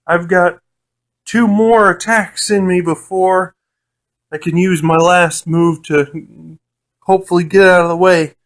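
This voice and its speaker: A man's voice: sits high, steady tone, slow pace, pauses often, rough recording. A man voicing a brash young male adventurer in a tabletop game, stating his moves in a cocky, matter-of-fact way.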